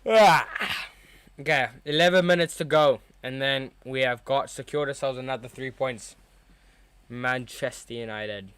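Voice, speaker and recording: A young man hosts a live football watchalong, talking through the match and reacting excitably as a fan. His voice is smooth and clear at a middle pitch, recorded dry and close with no room around it. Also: moderate pace, no echo.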